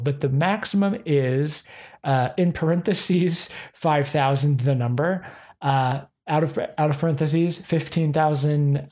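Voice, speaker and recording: A man's voice: a little high, a little mellow. Man dryly reading a scam email for laughs. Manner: reads aloud punctuation and spacing with dry mock precision; breaks off into amused asides. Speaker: comedic reader.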